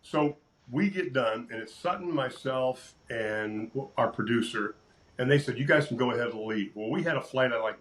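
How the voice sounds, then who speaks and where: An older sportscaster telling lively stories in a casual interview, acting out quotes and laughing often. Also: male voice, fairly low pitch, rough recording. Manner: animated storyteller, acts out quotes, laughs often. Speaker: sportscaster guest.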